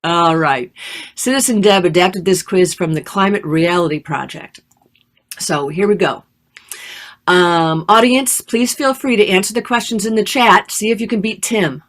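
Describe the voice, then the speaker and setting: A woman's voice: mid-range voice, a little slow, a bit bright. A woman hosting an online live show, upbeat and chatty with many ums and uhs. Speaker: host.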